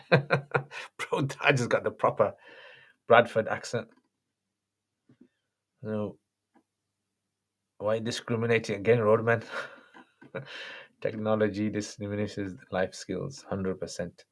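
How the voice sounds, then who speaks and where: A man hosting a livestream and answering viewer questions in a relaxed, chatty way. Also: on the low side, slow, long pauses. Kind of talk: casual chat.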